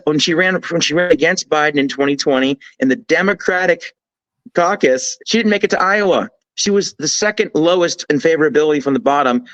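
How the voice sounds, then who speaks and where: A man with a fairly high voice gives his opinions as a guest commentator on a talk show. He talks emphatically and animatedly, often restarting his sentences. The sound is dry and close to the mic. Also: fairly bright tone, no room sound, rough recording. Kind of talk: political talk show chat.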